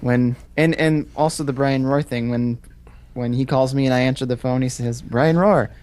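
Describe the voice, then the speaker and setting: A man's voice: medium pitch, level tone, normal speed, darkish tone, smooth. Young guy calling in over video chat, tells little stories, lots of ums. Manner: storytelling, thoughtful, hesitant fillers. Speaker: co-host joining by video call. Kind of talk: casual chat. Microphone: video call.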